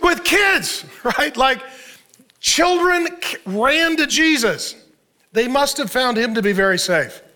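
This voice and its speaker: A man's voice: very high voice, animated, takes it slowly, bright, forceful tone. A man preaching a sermon as pastor, punchy and joking, firing rhetorical questions at the audience.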